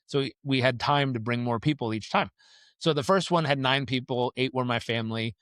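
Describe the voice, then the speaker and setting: A man telling stories as a guest on a podcast interview, lively and acting out the people in his stories. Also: medium pitch, brisk, no echo, clean studio sound. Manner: animated storyteller who acts out the people in his stories.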